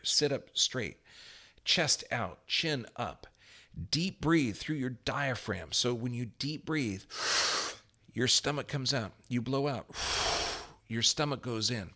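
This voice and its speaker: A man giving a motivational health talk, emphatic and energetic, swinging his voice up for affirmations. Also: medium pitch. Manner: energetic, emphatic, repeats affirmations with rising volume. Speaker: health speaker.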